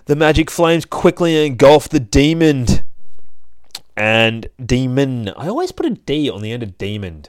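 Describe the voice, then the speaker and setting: A man's voice: a little high, big pitch swings, normal speed, hardly any pauses, a little mellow, no echo, clean studio sound. A man casually reading a comic aloud, heavy on swearing and rambling asides. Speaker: comic book reader. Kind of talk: casual comic read-along.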